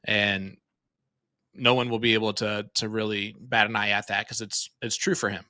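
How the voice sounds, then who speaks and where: A young man doing casual, excitable live darts commentary from a small streaming room, chatty with lots of fillers. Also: on the low side, moderate pace, dry recording, clean studio sound.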